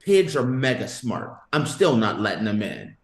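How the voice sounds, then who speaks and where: Animated joking male podcast host. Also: fairly low pitch, moderate pace, roomy sound. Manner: animated, joking, emphatic rants. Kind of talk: casual podcast banter.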